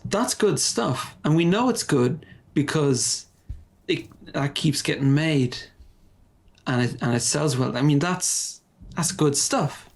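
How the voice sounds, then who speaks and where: A man co-hosting a podcast, talking in a deadpan, mock-earnest sarcastic way with theatrical sighs. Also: on the high side, takes it slowly, gravelly. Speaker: podcast co-host. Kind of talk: sarcastic comedic chat.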